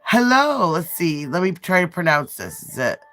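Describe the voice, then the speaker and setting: A nail art livestreamer in her thirties, with a Midwestern American accent, rambles casually and makes self-deprecating asides while congested from a sinus cold. Her low voice has lively intonation, a moderate pace, and a fairly bright tone.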